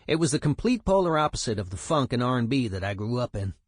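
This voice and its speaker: A man's voice: medium pitch, sing-song, fast talker, slightly rough, dry recording, clean studio sound. A man voicing a streetwise male punk musician, telling a story in a profane, emphatic way. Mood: animated.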